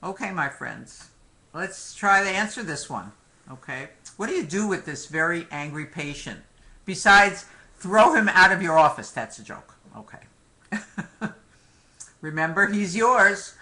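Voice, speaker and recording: Male lecturer, very bright sharp tone, slightly high voice, chatty teaching, keeps saying okay. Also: lively intonation, unhurried. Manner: frequent "okay" and "my friends" asides; joking, conversational teaching. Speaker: medical exam lecturer. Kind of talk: live online lecture.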